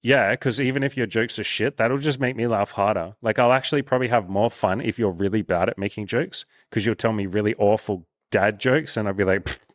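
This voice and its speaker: Animated, swearing man with a low voice. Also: fairly quick, few pauses, no echo, studio quality. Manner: animated, swears freely, acts out quoted dialogue. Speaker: dating coach and host. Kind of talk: casual coaching interview.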